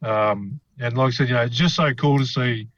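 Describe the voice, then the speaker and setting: A man's voice: mid-range voice, a little fast, a bit bright, no room sound. A man chatting casually on a podcast, rambling and enthusiastic, swearing now and then. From Australia. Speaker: podcast co-host. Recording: dry, dull lo-fi podcast mic.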